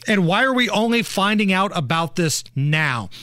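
A man's voice: sits high, animated, moderate pace, pushed and bright, dry recording, studio quality. A man hosting a political talk show, laying out the story and firing off pointed rhetorical questions. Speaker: host.

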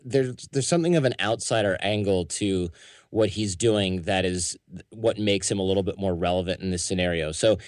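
A man's voice: low voice, normal speed, no echo, clean studio sound. An American man, a podcast founder, giving candid, opinionated interview answers and acting out quotes. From United States.

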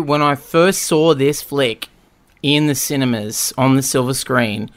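A man co-hosting a casual film podcast, relaxed and joking, who swears now and then. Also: medium pitch, clear, resonant tone. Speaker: podcast co-host.

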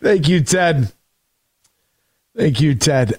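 Man, sports radio host, rambling and energetic, slightly high voice, dry studio sound. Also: slow, no echo. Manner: energetic, rambling, many restarts. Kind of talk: call-in sports talk.

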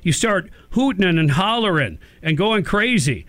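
A man's voice: high voice, unhurried, dry recording. A man hosting a morning talk radio show, telling stories and cracking jokes in casual banter. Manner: jokey, wisecracking, animated storyteller.

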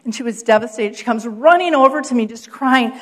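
A middle-aged woman giving a keynote talk, telling a story with lively acted quotes and frequent laughter. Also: fairly high pitch, a little fast. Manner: animated storyteller, acts out quotes, laughs often. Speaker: keynote speaker.

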